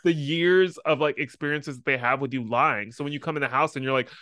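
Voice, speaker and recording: A young man co-hosting a podcast, telling a story in an animated way, laughing often and acting out voices. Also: mid-range voice, a little fast, clean tone, no room sound, studio quality. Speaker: podcast co-host. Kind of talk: casual chat.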